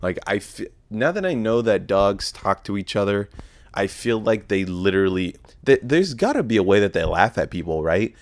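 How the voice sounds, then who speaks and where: A man's voice: lowish voice, sing-song, moderate pace, dry recording. A young man hosting a casual solo podcast, rambling and sarcastic, with frequent swearing and self-corrections. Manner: profane, rambling, sarcastic asides. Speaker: podcast host.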